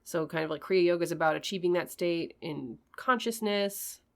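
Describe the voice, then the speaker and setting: Female podcast co-host, slightly low voice, rambling casual delivery. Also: moderate pace, creaky. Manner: chatty, hedging with "like" and "you know". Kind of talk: casual chat.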